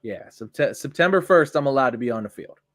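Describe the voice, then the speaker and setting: A man co-hosting a casual podcast, talking in a rambling, animated way with frequent restarts. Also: mid-range voice, fairly quick. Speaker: podcast co-host; youth sports coach. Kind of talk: casual chat.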